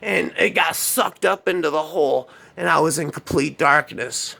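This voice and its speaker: A man's voice: fairly high pitch, moderate pace, creaky, few pauses, pushed and bright, a little hiss or hum. A man telling a first-person horror story in a rambling, repetitive way, often tacking on "man". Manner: repetitive, keeps adding "man".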